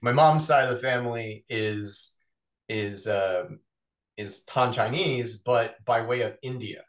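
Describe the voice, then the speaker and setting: A man talks about his work in a casual interview, jumping between quick bursts and laughter-edged asides. His voice sits at a middling pitch and carries a noticeable room echo. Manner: animated, quick, self-mocking storyteller. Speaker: voice actor guest. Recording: roomy echo.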